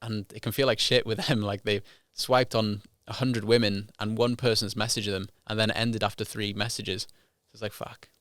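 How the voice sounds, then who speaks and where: A man's voice: fairly low pitch, little pitch movement, moderate pace, few pauses, a bit bright, dry recording, clean studio sound. A British man who is a guest on a podcast, talking frankly and animatedly, acting out other people's lines. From Britain. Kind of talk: casual podcast chat.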